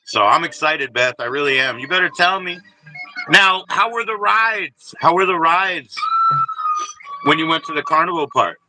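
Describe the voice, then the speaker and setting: A man's voice: fairly high pitch, moderate pace, over music, poor audio. A man hosting a casual livestream, talking loosely and profanely to viewers by name and rambling with lots of asides. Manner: loose and profane, talks straight to chatters by name; rambling, many fillers and asides. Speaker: livestream host.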